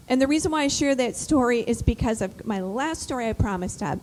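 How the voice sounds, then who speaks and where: A woman giving an emphatic, animated motivational talk to mothers, built around personal stories. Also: fairly high pitch, fairly quick, hardly any pauses, rough recording. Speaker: speaker addressing mothers. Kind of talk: motivational storytelling speech.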